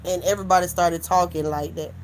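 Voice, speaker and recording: A woman's voice: fairly low pitch, steady tone, a little fast, a little hiss or hum. Blunt, profane woman livestreamer. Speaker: livestream host. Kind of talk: casual livestream commentary.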